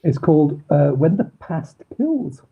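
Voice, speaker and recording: Husky Manchester man over a tinny call. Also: a little high, sing-song, measured pace. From Manchester, England. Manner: rambling, many ums and restarts. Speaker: crime novelist guest. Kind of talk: casual interview chat. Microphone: video call. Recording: husky, phone-like video call audio.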